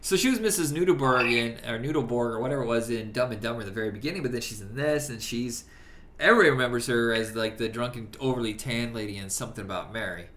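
A man's voice: medium pitch, fast, a bit bright, echoey room. A man from Indiana co-hosting a casual, profane movie chat, quoting film lines in put-on voices. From Indiana, USA. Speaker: podcast co-host.

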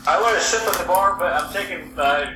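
Casting: man as a player in a tabletop game, heard from a distance in an echoey room with clear noise behind. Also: high voice, fairly quick. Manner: casual, stops and restarts his sentences. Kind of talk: playing a character in a tabletop game.

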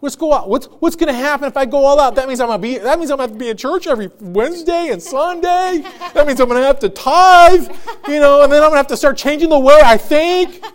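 A man's voice: very high voice, fast. A man pastor preaching a sermon in a church service, emphatic, with repeated phrases and call-and-response.

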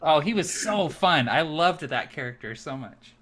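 A man co-hosting a casual podcast chat about tabletop games, animated and quick to slip into silly voices. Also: a little high, noisy background. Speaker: podcast co-host.

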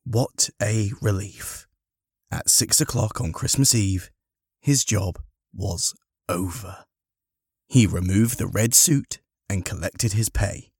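A man narrating a storybook in a slow, measured, expressive way. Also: on the low side, slightly rough, no room sound, studio quality.

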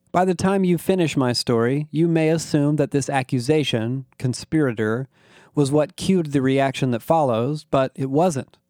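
A man narrating a first-person science fiction story in a wry, measured way. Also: mid-range voice, warm tone, dry recording, clean studio sound.

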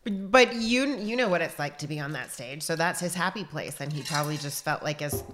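Low-voiced woman, supportive co-host. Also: noisy background. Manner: supportive, quick affirmations. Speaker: podcast co-host. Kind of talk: casual chat.

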